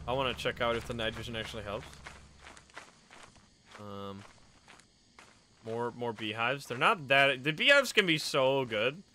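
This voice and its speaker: Excitable man streaming a game. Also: mid-range voice, measured pace, pauses often. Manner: excitable, laughing, swears often. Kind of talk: casual gaming chat. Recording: noisy game-stream audio.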